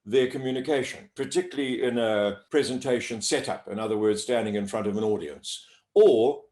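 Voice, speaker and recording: A man speaks as a voice coach, measured and emphatic with a slightly theatrical delivery. His voice sits at an ordinary male pitch. The room around him rings noticeably. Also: darkish tone. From South Africa. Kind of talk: articulate interview answers. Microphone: speaking to camera. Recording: roomy echo.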